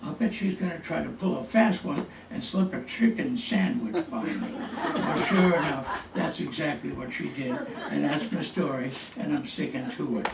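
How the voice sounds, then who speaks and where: A man's voice: on the high side, animated, normal speed, gravelly, few pauses. A man telling a folksy comic story to an audience at a senior center, with a chatty, punchline-driven delivery. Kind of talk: stand-up storytelling. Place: senior center hall with a tall ceiling. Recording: echoey hall, distant mic, faint noise.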